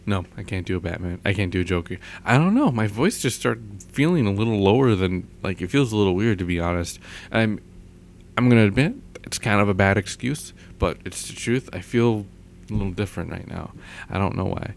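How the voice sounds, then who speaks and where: Rambling young man with a lowish voice. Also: lively intonation, gravelly, a little hiss or hum. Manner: rambling, halting, many restarts. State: tired, overworked throat. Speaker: vlogger. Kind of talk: casual vlog monologue. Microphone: microphone with pop filter.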